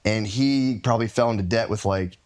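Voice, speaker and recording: A man's voice: lowish voice, fairly quick, a little mellow. A man as a podcast guest, telling a long rambling story in casual talk and laughing as he goes. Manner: rambling, laughing, acts out others in quotes.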